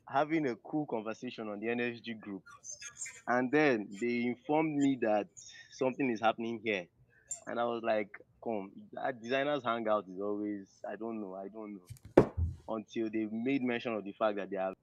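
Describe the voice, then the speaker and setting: A man's voice: mid-range voice, moderate pace, dry recording. A man talking in a casual group chat, chatty and repeating himself. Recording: dull lo-fi audio.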